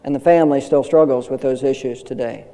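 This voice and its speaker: A man's voice: mid-range voice, brisk, dark tone, big-room sound, rough recording. An older man preaching a sermon in an earnest way, building up to emphatic declarations. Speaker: pastor.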